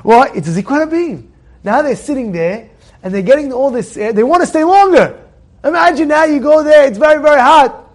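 High-voiced man giving an animated Torah lesson. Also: a little fast. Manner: animated, repetitive, rhetorical questions to the audience. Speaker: rabbi teaching a Torah class. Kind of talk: informal Torah lesson to a congregation. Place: synagogue study hall.

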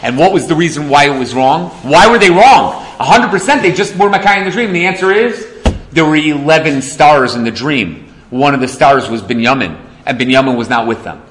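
A man teaches a Torah class, spinning stories and voicing each character's lines. His voice sits a little high and swoops up and down with lots of animation. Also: lively intonation, a little fast, fairly bright tone, slight background noise. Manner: storytelling, acting out quotes, laughs along. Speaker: Torah lecturer.

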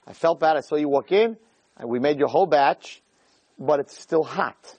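A middle-aged man giving a jokey, animated storytelling talk as a rabbi, peppering it with "right?". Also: fairly high pitch, normal speed. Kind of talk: storytelling lecture.

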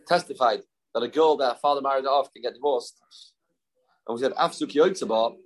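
A man's voice: medium pitch, breathy edge, rough recording. A man teaching a daily Talmud class, mixing English with Hebrew and Aramaic terms and asking rhetorical questions.

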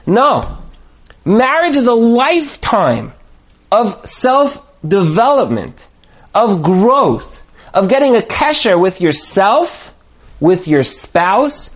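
Animated high-voiced man giving a motivational talk. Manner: animated, acts out quoted voices. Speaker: marriage coach.

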